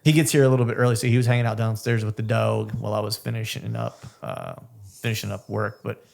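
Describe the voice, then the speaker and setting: Gravelly low-voiced podcast host. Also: male voice, lively intonation, quick pace, darkish tone. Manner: loose, rambling, self-mocking with frequent fillers. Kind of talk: casual podcast chat.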